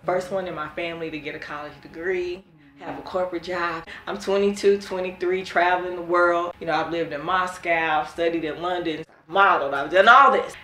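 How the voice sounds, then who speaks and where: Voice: mid-range voice, flat delivery, brisk, a bit bright, roomy sound. A speaker sharing a reflective personal testimony, emphatic in places.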